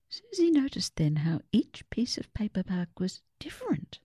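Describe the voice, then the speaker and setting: A woman reading a children's picture book aloud, slow and expressive. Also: medium pitch, husky, no room sound. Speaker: storyteller.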